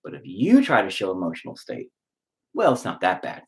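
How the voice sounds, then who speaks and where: A man ranting to camera about how men are expected to hide their feelings, swearing often, swinging between loud outbursts and low mutters, and close to tears at times. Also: wildly swooping pitch, brisk. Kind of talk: unscripted rant to camera.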